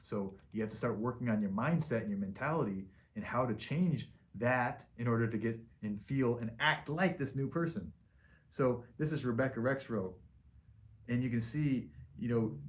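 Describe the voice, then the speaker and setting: A man's voice: medium pitch, normal speed. A man speaking as a liposuction surgeon in a casual patient Q&A, frank and plain-spoken, with loose restarts.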